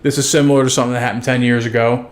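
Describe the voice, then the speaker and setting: A man's voice: medium pitch, little pitch movement, very fast. A man in a casual podcast chat, thoughtfully explaining his views with some casual swearing. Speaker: podcast co-host.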